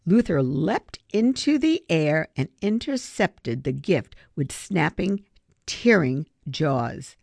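An audiobook reader giving expressive scripted narration. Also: medium pitch, vocal fry, dry recording. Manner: expressive storytelling.

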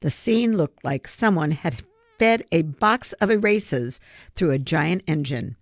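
An audiobook reader giving expressive scripted narration. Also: mid-range voice, a little slow, no room sound. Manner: expressive storytelling.

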